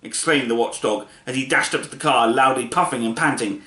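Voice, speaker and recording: A man reading a children's book aloud in a playful, expressive way. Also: medium pitch, a little fast. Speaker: storybook reader. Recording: echoey room.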